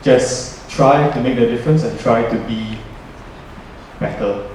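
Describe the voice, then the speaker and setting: A man's voice: mid-range voice, a little slow, darkish tone, a little hiss or hum. A young man speaking earnestly on stage as a student emcee, telling a personal story to an audience. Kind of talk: live stage speech to an audience. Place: large echoing hall. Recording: echoey hall heard from a distance.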